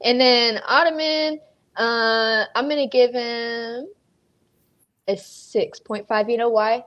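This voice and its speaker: Female podcast host, slightly high voice, joking and casual with loose swearing. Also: fairly even intonation, slow, highs cut off. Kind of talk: casual chat.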